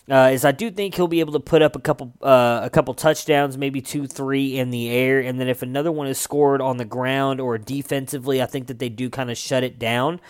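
A young man works through his fantasy football rankings in a relaxed, chatty way, pausing on fillers as he goes. His voice is smooth and clean, recorded close and dry with no room sound. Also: medium pitch, no echo. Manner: relaxed, conversational, frequent uh fillers. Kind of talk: casual ranking commentary.

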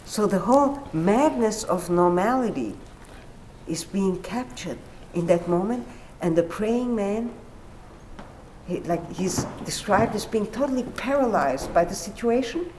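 A woman discussing literature in conversation, animated and acting out quoted dialogue. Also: mid-range voice, measured pace, slight background noise. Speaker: literature commentator. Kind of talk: conversational explanation.

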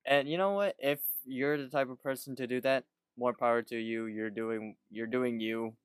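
A man's voice: mid-range voice, fairly even intonation, normal speed, smooth, dry recording. A man co-hosting a podcast, chatting casually and swearing freely. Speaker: podcast co-host. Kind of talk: casual chat.

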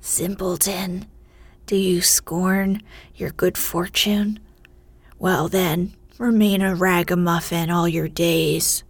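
A woman voicing a shaggy, bearded male mountain spirit in a slow, hoarse, grating half-whisper, in whispered storytelling. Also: on the low side, fairly even intonation, no echo, full character voice. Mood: mocking.

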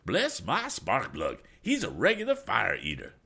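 Casting: a high, excitable old gent who blusters and exclaims, voiced by a male reader for a storybook. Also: unhurried, creaky, breathy edge, heavily acted. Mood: blustering. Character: excitable eccentric older gentleman.

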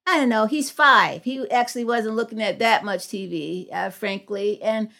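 A woman's voice: on the high side, moderate pace, gravelly, bright, forceful tone. A middle-aged woman, a guest on a podcast, telling a personal story in an earnest, reflective way and acting out the dialogue in a raised voice. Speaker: guest, psychology professor.

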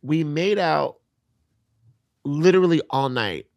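A young adult man chatting as a podcast guest, telling lively stories with many restarts and laughs. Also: on the high side, slow pace, vocal fry, no room sound, highs cut off. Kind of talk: casual chat.

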